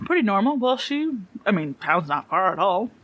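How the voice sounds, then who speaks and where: A woman's voice: mid-range voice, sing-song, moderate pace, fairly bright tone, dry recording. A woman voicing a friendly, furry alien farmer father with an easygoing, folksy manner. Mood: chatty.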